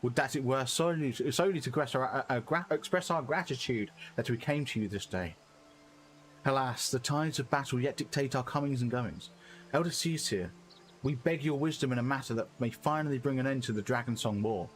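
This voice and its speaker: A man's voice: medium pitch, brisk, slight background noise, lightly acted. A man voicing an earnest young male scholar, speaking in formal, archaic phrasing.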